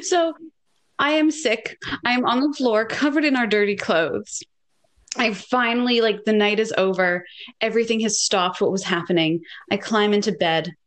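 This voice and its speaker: Young woman, casual storyteller, animated, chatty, middle pitch. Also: normal speed. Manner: animated, says "like" often, acts out quotes.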